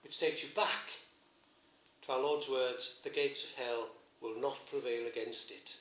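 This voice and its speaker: A man's voice: mid-range voice, fairly even intonation, measured pace, slight background noise. Man preaching in an echoey church. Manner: gentle storytelling, emphatic repetitions. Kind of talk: sermon.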